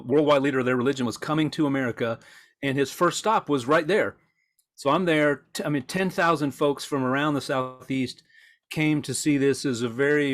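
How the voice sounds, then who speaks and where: A man co-hosting a podcast, telling rambling anecdotes with self-deprecating asides in a casual political chat. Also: medium pitch. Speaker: podcast co-host.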